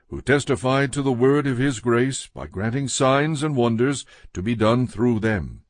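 A man giving a measured, steady reading of a Bible passage as scripted narration. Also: medium pitch, no echo, clean studio sound. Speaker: scripture reader.

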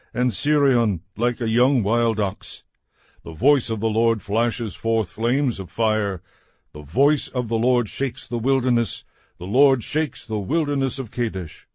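A man reading scripture aloud in a measured, solemn way. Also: medium pitch, a little mellow, no room sound, studio quality. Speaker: scripture reader.

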